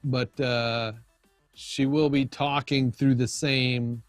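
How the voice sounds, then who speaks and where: A man's voice: medium pitch, flat delivery, slow pace, no room sound, faint music behind. A man hosting a casual livestream, chatting loosely with viewers while he tweaks his audio setup, often restarting his sentences. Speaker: livestream host. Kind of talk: casual live-stream chat.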